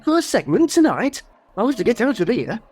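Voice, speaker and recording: A gruff, grumbling middle-aged husband behind bars in a radio sitcom. His voice swings wildly up and down as he grumbles. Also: very high voice, big pitch swings, moderate pace, darkish tone, heavily acted.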